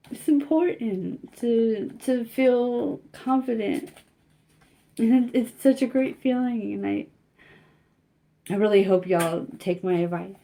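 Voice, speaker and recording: A woman giving a casual spiritual card reading, talking gently and haltingly with many fillers. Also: medium pitch, vocal fry.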